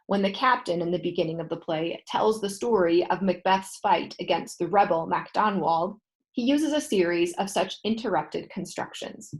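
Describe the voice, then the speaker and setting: A woman teaching a class, reading a textbook passage aloud and explaining it in steady, patient asides. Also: lowish voice.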